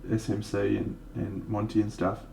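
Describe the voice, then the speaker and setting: A man's voice: on the low side, monotone, normal speed, vocal fry, mellow, slight background noise. A young Australian man chatting casually and laughing easily while painting models on a live stream.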